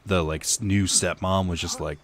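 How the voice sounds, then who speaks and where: A man's voice: low voice, steady tone, moderate pace, fairly bright tone, a little hiss or hum. A young man streaming a game, chatting casually and telling a rambling story full of fillers. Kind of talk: casual chat while gaming.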